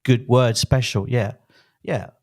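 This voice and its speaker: A podcast co-host in his fifties chats casually, rambling and joking while constantly interrupting himself. He speaks slowly in a mid-range, darkish voice with fairly even intonation.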